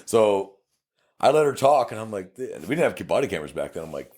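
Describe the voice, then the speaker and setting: Animated, profane South Texas cop storyteller. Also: male voice, on the low side, normal speed, slightly rough. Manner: profane, animated, acts out dialogue. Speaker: podcast co-host, police officer. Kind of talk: casual storytelling chat.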